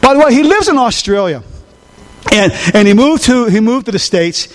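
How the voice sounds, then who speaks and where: A man's voice: very high voice, animated, normal speed. A man preaching a sermon, telling a story with emphasis and asking the congregation questions.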